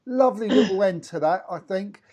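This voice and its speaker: A man co-hosts a casual show as a medium, speaking over a video call. He talks in a relaxed, rambling way and leans on plenty of fillers. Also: high-pitched, a little fast. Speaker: medium and co-host.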